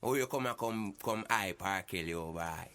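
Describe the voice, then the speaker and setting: A man's voice: low voice, fairly bright tone. A man playing a hot-tempered Rastafarian guest on a talk show, speaking with a Jamaican accent in a preachy, combative way. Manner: preachy, combative, quick to threaten. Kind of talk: comedy sketch acting.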